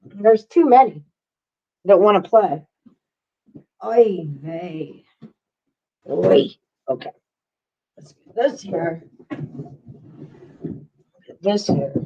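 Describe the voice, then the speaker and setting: A woman's voice: mid-range voice, expressive, takes it slowly, long pauses, dark tone, muffled recording. Chatty woman hosting a betting stream. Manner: chatty and loose, talking to viewers and co-hosts. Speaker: sports betting show host. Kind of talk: casual live-stream chat.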